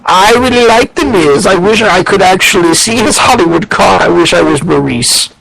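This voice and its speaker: A man doing a gushing wrestling fan with a hammy fake German accent, voice jumping up high, fawning and gloating the whole time, a silly send-up of a buddy on a podcast. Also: animated, moderate pace, vocal fry, a bit bright, full character voice, rough recording. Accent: put-on German.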